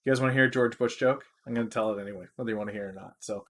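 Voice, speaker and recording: A man's voice: on the low side, fairly even intonation, racing, a bit bright. Rambling male stock streamer. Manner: rambling, answers chat, restarts often. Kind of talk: casual live-stream chat.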